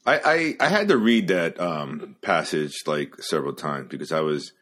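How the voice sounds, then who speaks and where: Very low, husky-toned man on a cold. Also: moderate pace. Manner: relaxed, hesitant, frequent ums. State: hoarse from a cold, coughing. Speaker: podcast co-host. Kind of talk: casual book discussion.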